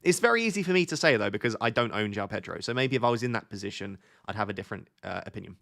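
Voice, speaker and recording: A man's voice: fairly low pitch, lively intonation, rapid-fire, gravelly, fairly bright tone. A man chatting casually on a live stream, reading out viewer questions and answering them. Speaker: fantasy football streamer.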